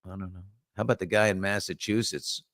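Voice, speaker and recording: A middle-aged man from New York with a New York accent, hosting a morning chat show and telling stories in an animated, casual way. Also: deep voice, fast, dry recording, clean studio sound. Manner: animated storyteller, reads viewer comments aloud.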